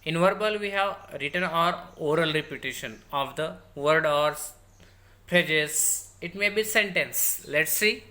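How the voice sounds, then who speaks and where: Indian English woman, teacher's lecture voice, bright tone; repeats each point twice. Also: low voice. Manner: repeats key sentences slowly for dictation. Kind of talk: recorded lecture.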